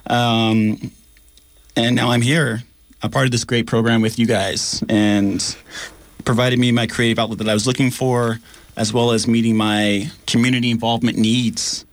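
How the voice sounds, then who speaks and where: A man co-hosting a community radio show, telling his story in an animated, chatty way with plenty of fillers. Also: medium pitch, normal speed, dry recording. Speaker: radio apprentice co-host. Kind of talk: casual radio chat. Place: radio studio.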